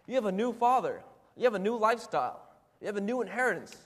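High-voiced preacher in an echoey hall. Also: male voice, very animated, fast. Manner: conversational, rhetorical questions, frequent "right?". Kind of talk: sermon. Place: church hall. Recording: echoey hall with long reverb.

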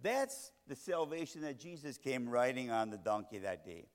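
A man preaching a sermon, swinging between loud emphatic lines and hushed soft ones. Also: mid-range voice, sing-song, moderate pace, hardly any pauses. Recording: long reverb of a large hall.

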